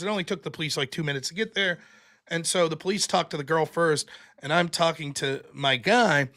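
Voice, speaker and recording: Bright high-voiced man telling a story. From United States. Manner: animated storyteller, acts out quoted people with loud bursts, laughs often. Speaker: podcast host. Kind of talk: casual storytelling monologue.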